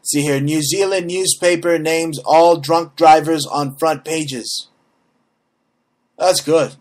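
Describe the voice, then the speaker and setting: A man with a somewhat high voice rants on his talk show. He is brash and mocking and swears freely, restarting his sentences and tagging them with "okay?" over and over. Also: steady tone, slow pace. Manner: repeats "okay?" and restarts often, mocks voices in quotes. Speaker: host. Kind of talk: profane comedic political rant.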